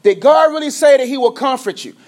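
A man preaching a sermon as a pastor, energetic, dropping from loud to hushed, sometimes stuttering and tripping over his words. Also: extremely high pitch, fairly quick.

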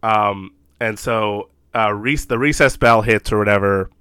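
Man with a smooth, dry voice. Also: on the low side, unhurried, pushed and bright, no echo. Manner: rambling recaps, acts out quoted lines, laughs often. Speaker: podcast co-host. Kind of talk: casual chat about horror films.

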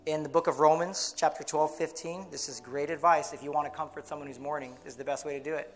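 Male pastor, earnest sermon voice, fairly high-pitched, faint music behind. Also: steady tone. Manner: earnest, with many restarts, slowing to stress key words.

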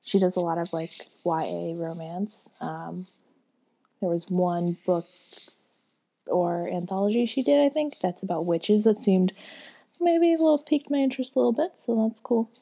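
A woman's voice: fairly low pitch, normal speed, gravelly, mellow. Chatty young woman, rambling book talk. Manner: rambling, chatty, many fillers. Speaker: book reviewer. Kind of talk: casual book chat.

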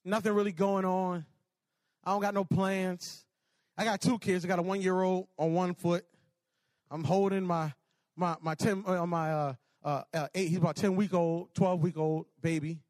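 A man preaching a sermon, telling stories in an animated, repetitive way, then leading a prayer. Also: high-pitched, moderate pace, dry recording. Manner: animated, repetitive storytelling with laughs. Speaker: pastor.

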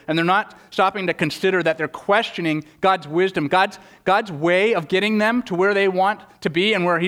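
Male pastor, earnest sermon delivery, a touch higher-pitched, repeats himself for emphasis. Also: fairly bright tone. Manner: earnest, repeats words when pressing a point; acts out quoted prayers in a raised voice.

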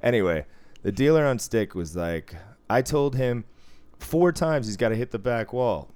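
A man's voice: medium pitch, animated, normal speed, darkish tone, clear, resonant tone. A man chatting casually as a casino dealer, telling loose, profane work stories and chuckling often. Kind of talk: casual podcast chat.

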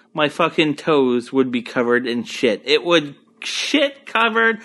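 A young man's somewhat high, slightly bright voice carries an Acadian French accent; he's from Moncton, New Brunswick, in eastern Canada. He hosts a solo podcast from his couch at home, crude, rambling, profane and easygoing.

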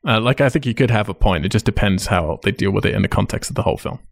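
Gravelly-voiced podcast host. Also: male voice, fairly low pitch, lively intonation, very fast, no echo. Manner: laid-back, swears casually, laughs often. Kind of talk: casual chat.

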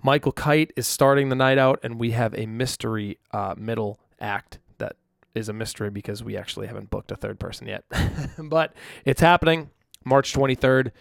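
A young man hosts his podcast alone, speaking straight into a microphone in a loose, rambling, self-deprecating way. His voice is gravelly with a touch of fry. The sound is dry and close, with no room echo. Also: medium pitch, moderate pace. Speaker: podcast host. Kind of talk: casual solo podcast chat. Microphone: studio microphone.

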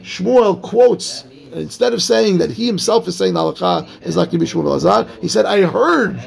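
A man teaching a casual Talmud class, explaining quickly and checking in with his students. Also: high voice, creaky, a little mellow. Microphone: class microphone.

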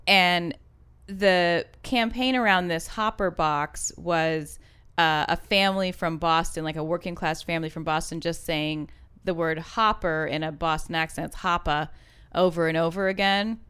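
Casual podcast co-host, a woman, chatty, full of fillers, clean and clear, lowish. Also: moderate pace, fairly bright tone. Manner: chatty, many fillers and restarts. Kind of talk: casual chat about ads.

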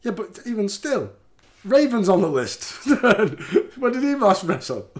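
A man chats loosely about wrestling. He laughs a lot and reads through lists in a fairly high voice. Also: big pitch swings, unhurried. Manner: laughs often, reads out rankings. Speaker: podcast host. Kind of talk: casual chat and wrestling recap.

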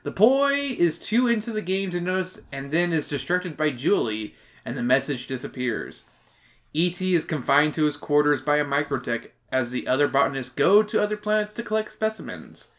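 A man's voice: on the high side, expressive, moderate pace, fairly bright tone. Guy summarizing a book on a podcast, swears a ton, super bouncy voice. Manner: crude, joking, swears a lot, reads chapter summaries. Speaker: podcast co-host. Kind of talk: casual book-review chat.

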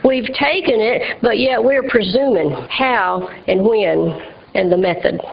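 A woman's voice: fairly high pitch, measured pace, creaky. A woman preaching a sermon in an emphatic, rhythmic style, speaking to a responding congregation. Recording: dull lo-fi church recording.

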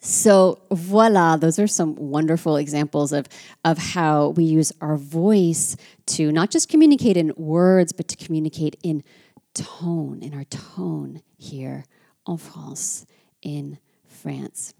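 An American woman talks through a casual lesson in a chatty, reflective way. Her voice sits low, with a gravelly fry and a mellow, dark tone. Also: measured pace. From United States. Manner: chatty and reflective, with frequent asides. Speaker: French language and culture teacher. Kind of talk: casual teaching monologue.

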